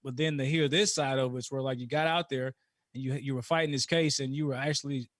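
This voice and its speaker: A man's voice: medium pitch, steady tone, quick pace, dry recording. Talkative male host, dry close sound. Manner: rambling, repeats words, warm and informal. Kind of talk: casual live interview.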